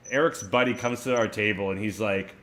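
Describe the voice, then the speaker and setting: Male co-host, animated storyteller, bright tone, lowish pitch. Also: brisk, a little hiss or hum. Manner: animated, acts out quotes loudly. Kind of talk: casual chat, storytelling.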